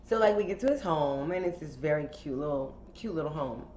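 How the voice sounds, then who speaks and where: A woman's voice: low voice, lively intonation, brisk, dark tone. A woman telling a casual, candid story for a podcast, chatty and profane, full of fillers. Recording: roomy, dull sound with faint noise.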